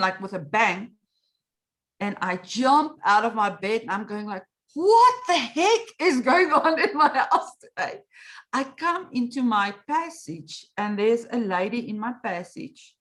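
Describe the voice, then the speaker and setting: Woman, middle-aged, lively storyteller, acts out her reactions, interview guest. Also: medium pitch. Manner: animated, acts out her own past reactions and quotes. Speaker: meditation coach, interview guest.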